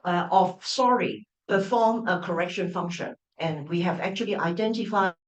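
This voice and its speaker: A middle-aged woman lectures on an open day as a university professor, her fairly low voice at normal speed and far from the mic. The lecture room is echoey, and she often restarts phrases and checks in with "right?" and "all right?".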